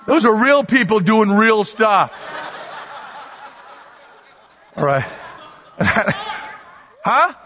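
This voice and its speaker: A man with a high voice preaches to his congregation, animated and conversational, repeating phrases and tossing asides to listeners. His voice rings through a large hall with a long reverb, and the sound is somewhat dull. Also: takes it slowly, long pauses, slight background noise. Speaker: pastor. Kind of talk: sermon.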